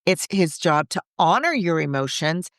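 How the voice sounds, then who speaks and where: A woman's voice: deep voice, sing-song, normal speed, no echo, clean studio sound. A woman who is a Catholic coach and podcast co-host, talking in an earnest, reflective way and often building lists and rhetorical questions. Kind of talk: conversational podcast chat.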